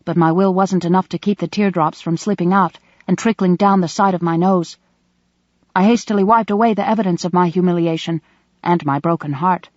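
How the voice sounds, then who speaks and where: Measured woman reading an audiobook. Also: fairly low pitch, dry recording. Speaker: audiobook narrator. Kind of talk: scripted first-person narration. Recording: dull dry close recording.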